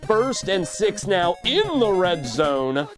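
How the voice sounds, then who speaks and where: A man calls play-by-play for a video game football match in a high, very lively voice that jumps up into shouts on big plays. His delivery is comedic and crude, full of quick jokes. Music plays clearly in the background. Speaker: play-by-play commentator.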